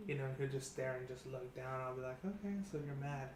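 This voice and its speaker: A man who works as a therapist with high schoolers, telling stories and acting out the dialogue. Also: brisk. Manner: storytelling, acts out quoted dialogue. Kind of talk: casual panel chat. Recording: roomy studio with faint background noise.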